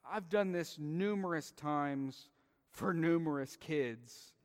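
Pastor, male, 30s, fairly high voice, slow and earnest delivery, echoing church hall. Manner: slow, earnest, heartfelt storytelling. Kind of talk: sermon with closing prayer. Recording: long reverb of a large hall.

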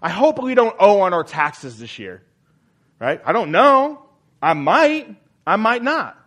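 A man's voice: high-pitched, big pitch swings, unhurried, fairly bright tone. A man preaching a sermon as pastor, emphatic and repeating key phrases, often asking the congregation questions.

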